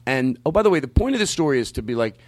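A man hosting a casual chat, telling rambling, animated stories and swearing freely. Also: medium pitch, very fast, no echo. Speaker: podcast host.

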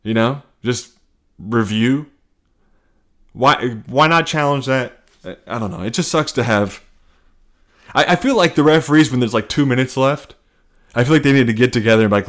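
A man hosting a comedy podcast, ranting loosely and swearing freely. He rambles through restarts and leaps into sudden high-pitched bits, and his speaking voice sits at an ordinary middle pitch. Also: normal speed, long pauses, a bit bright. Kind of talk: casual comedic rant.

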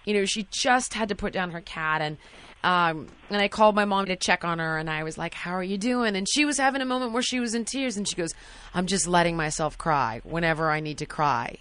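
A woman in her thirties hosting a call-in advice show, talking gently and soothingly to a caller she calls sweetie. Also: on the low side, brisk, smooth. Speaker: host.

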